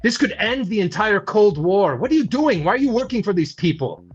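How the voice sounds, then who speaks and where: A man voicing a desperate, defiant female enemy agent in a tabletop game, shouting her pleas. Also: a little high, lively intonation, moderate pace, husky, highs cut off, voice pushed up. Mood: furious pleading.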